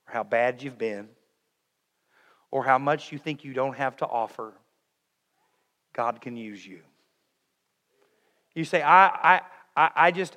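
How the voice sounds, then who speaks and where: A man preaching a sermon, emphatic, moving between raised passages and hushed ones. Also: a little high, big-room sound. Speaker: pastor.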